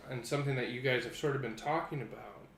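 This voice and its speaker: Reflective male family therapist, mid pitch, roomy sound, faint noise. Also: fast talker, fairly bright tone. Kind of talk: casual panel chat.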